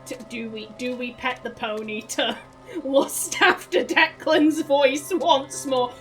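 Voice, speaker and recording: A woman's voice: high voice, animated, slow, music in the background, rough recording. A woman streamer commenting casually on a game as she plays, giggly, chatty, swearing now and then. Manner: giggly, swears, reacts out loud. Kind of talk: let's play commentary.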